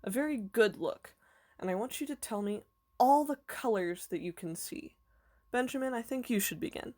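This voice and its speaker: A woman reading aloud voices a kindly, eccentric old male professor who explains things gently and patiently. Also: fairly high pitch, animated, normal speed. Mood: warm, explaining.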